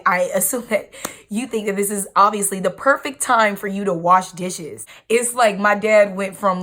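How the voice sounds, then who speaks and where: A young woman vlogger telling a personal story in an emphatic, slangy, animated way. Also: medium pitch, moderate pace. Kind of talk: storytime vlog.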